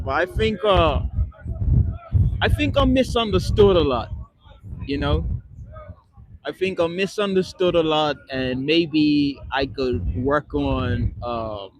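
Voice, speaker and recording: Answering his chat on a live stream in London, this man, who wasn't born in Britain, rambles casually, curses frequently, and tacks "man" onto most lines. He has a medium-pitched voice with no echo, though the audio is poor.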